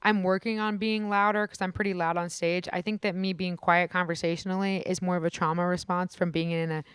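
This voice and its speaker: Soft-spoken woman comic guest, very smooth tone, close and dry sound, chatty with fillers. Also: fairly low pitch, flat delivery, brisk, no echo. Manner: chatty, many fillers and restarts. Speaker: musical comedian guest. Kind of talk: casual podcast conversation. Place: comedy club.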